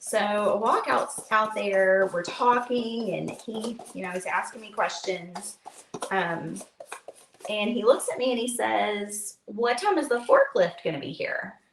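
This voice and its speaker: A woman's voice: medium pitch, measured pace. A woman hosting a live craft stream from home, chatting and telling a rambling story with lots of fillers. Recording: echoey room with faint noise.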